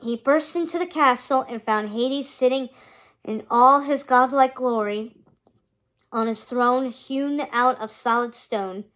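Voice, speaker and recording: A woman reading a children's chapter book aloud in a high, light voice. She takes her time with each sentence and keeps a steady storytelling rhythm. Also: a little slow. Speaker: read-aloud narrator.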